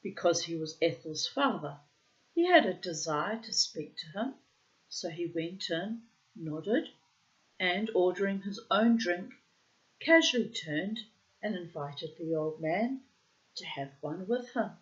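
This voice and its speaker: A woman reading a short story aloud in a measured storytelling manner. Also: fairly low pitch, animated, lo-fi sound. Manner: measured, unhurried storytelling with quoted dialogue. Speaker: reader. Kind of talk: audiobook narration of a short story.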